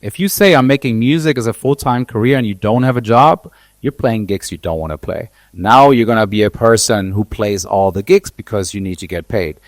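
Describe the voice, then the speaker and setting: A man's voice: lowish voice, fairly quick, no room sound. A man who is a DJ and producer, giving blunt, opinionated views on a live panel and swearing casually. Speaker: DJ and producer, guest.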